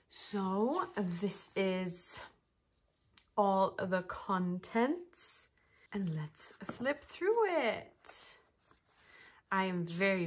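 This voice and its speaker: A woman in a casual unboxing chat, her voice swooping up and down with a lively range. She talks at an unhurried pace, gushing and rambling with gasps and giggles between her thoughts. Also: mid-range voice, slight background noise. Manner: gushing and excitable, with frequent gasps, laughs and "oh my gosh"; chatty and rambling, with fillers and restarts. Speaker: vlogger.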